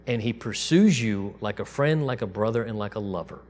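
A man preaching a sermon to his congregation in a relaxed, conversational way, dropping to a soft, quiet voice when he quotes God. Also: fairly low pitch, brisk. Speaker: pastor.

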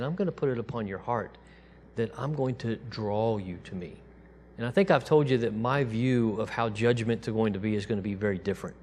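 A man preaching a sermon to his congregation in a relaxed, conversational way, dropping to a soft, quiet voice when he quotes God. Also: medium pitch. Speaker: pastor.

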